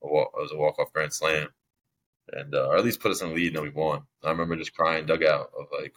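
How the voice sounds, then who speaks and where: A man's voice: a bass voice, level tone, fast, fairly bright tone, slight background noise. A young man telling his story as a podcast guest, rambling and filling his talk with "like". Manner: rambling, heavy use of "like", long-winded. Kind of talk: casual storytelling in an interview.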